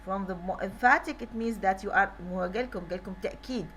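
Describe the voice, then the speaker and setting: A woman's voice: medium pitch, very fast, a bit bright, a little hiss or hum. A woman with an Iraqi Arabic accent lecturing an English class, switching between English and Arabic and repeating questions to her students. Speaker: university English teacher.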